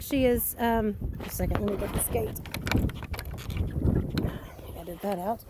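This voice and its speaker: A woman's voice: medium pitch, a little slow, long pauses, noisy background. A woman giving a rambling, matter-of-fact tour of her farm outdoors in a casual vlog, filming on a handheld phone. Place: outdoors on a farm among animals.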